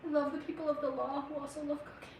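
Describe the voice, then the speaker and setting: A woman chats with her livestream viewers while she cooks, teasing them and answering their comments. Her voice sits a little high. She stands back from the mic in a roomy kitchen, with a faint hum of ambience behind her. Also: flat delivery, very fast, a little mellow, distant mic. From United States. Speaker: criminal defense lawyer cooking on a livestream. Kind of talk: casual livestream chat. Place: home kitchen.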